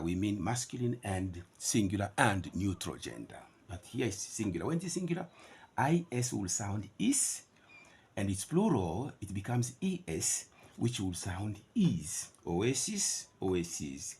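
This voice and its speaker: A man's voice: fairly low pitch, sing-song, a little slow, a little mellow, slightly rough. A man teaching English pronunciation, emphatically contrasting right and wrong ways to say words. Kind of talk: pronunciation lesson.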